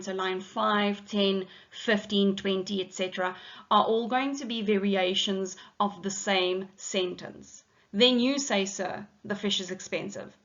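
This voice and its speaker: A woman teacher with a South African accent explains a poem line by line in a patient lesson, reading lines aloud and pausing on frequent ums. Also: mid-range voice, fairly bright tone, highs cut off.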